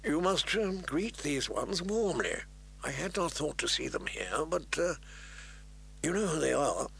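A man voicing an old maester who whispers slow, halting advice to a boy lord. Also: fairly high pitch, big pitch swings, creaky, slight background noise, exaggerated voice. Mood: counseling. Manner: hushed, slow, halting with fillers. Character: old maester, quiet wise counselor.

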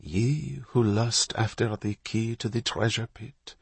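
A man voicing a woman on a boat who speaks in a low murmur. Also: lively intonation, slow, fairly bright tone, breathy edge, no room sound, exaggerated voice. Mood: grave.

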